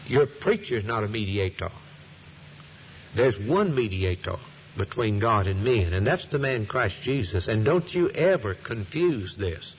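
A man's voice: on the low side, animated, a little slow, a little hiss or hum, low-quality recording. A male preacher delivering a sermon in an emphatic cadence, repeating phrases and letting his voice rise and fall for weight.

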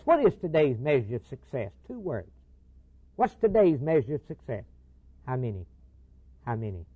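A man's voice: on the high side, husky, dry recording. A man preaching a sermon, building rhythmic repeated lines into emphatic declarations. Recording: tinny phone-like old recording.

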